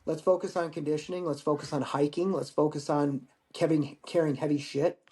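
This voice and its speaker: A man in his forties, a Marine veteran guest, telling war-training stories in a casual, profane, animated way. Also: on the high side, fairly quick. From United States. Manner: profane, animated storyteller acting out dialogue. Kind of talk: casual storytelling interview.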